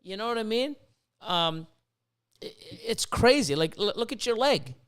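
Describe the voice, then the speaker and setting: A man hosting a podcast, chatting casually in a rambling, profane and animated way. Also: sits high, moderate pace, clean tone. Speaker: podcast host.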